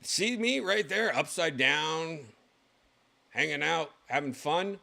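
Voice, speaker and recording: This show host, a man, comments on clips in a relaxed livestream, getting excited, cursing openly and exclaiming loudly. His gravelly voice sits on the high side, and his pace is slow.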